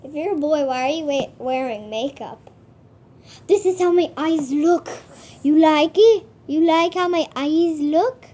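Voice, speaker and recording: A woman's voice: high-pitched, warm tone. A woman voicing a vain, sassy pet bird with a put-on French accent, preening and theatrical. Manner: preening and theatrical, slow drawn-out delivery. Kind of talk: comic pet voice-over vlog.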